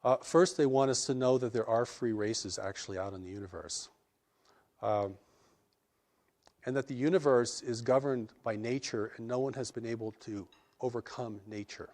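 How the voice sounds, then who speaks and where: A man giving reflective interview answers about spiritual revelations, earnest and measured, often restarting his sentences. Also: medium pitch, darkish tone.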